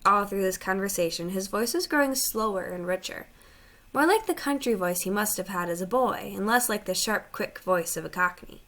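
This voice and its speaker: A woman narrating a storybook in an even, clear read. Her voice sits at a middling pitch for a woman and keeps a steady storytelling flow. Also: normal speed. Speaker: audiobook narrator. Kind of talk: scripted narration.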